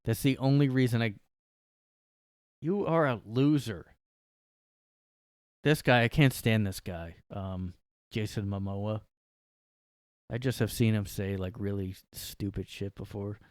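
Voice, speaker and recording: Male podcast host: lowish, clean, dry-miked voice; rambling sarcastic rant. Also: measured pace, pauses often, darkish tone, smooth, no echo. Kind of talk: casual solo podcast rant. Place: his bedroom.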